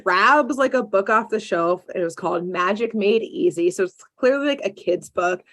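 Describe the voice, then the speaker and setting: Animated woman recapping a cartoon. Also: mid-range voice, normal speed. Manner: animated storyteller acting out characters with many "like" fillers. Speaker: podcast host. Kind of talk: casual chat, recapping a cartoon episode.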